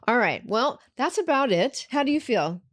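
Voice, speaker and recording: A woman's voice: a little high, very animated, moderate pace, no echo, studio quality. Giggly woman podcast host. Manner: giggly, chatty. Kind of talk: casual chat.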